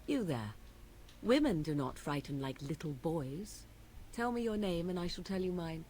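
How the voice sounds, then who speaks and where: A woman's voice: fairly low pitch, animated, moderate pace, a little mellow, slight background noise, lightly acted. An actress playing an aloof, mocking young witch of the wilds in a video game, speaking in an archaic, haughty manner.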